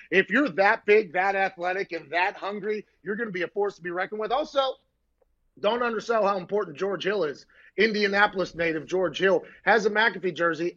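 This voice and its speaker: A man hosts a sports talk show with a husky, fairly high voice. He tells rambling, jokey stories and gets loud and excited. The audio sounds a little dull. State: short on sleep. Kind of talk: casual sports chat.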